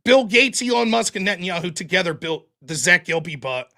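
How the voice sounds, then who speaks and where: A man hosting a live stream, reading viewer donations aloud and answering them with sarcastic jokes, dropping lower and quieter when he reads their messages. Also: expressive, a little fast. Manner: mocking, sarcastic humor. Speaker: livestream host reading super chats. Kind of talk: casual live-stream chat.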